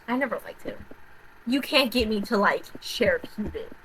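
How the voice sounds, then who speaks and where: Woman vlogger, casual profane rant, mid-pitched voice, faint hiss behind her. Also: lively intonation, normal speed, poor audio. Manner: rambling, profane, repeats herself, big swings between loud outbursts and mutters. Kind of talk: casual rant about horror movies.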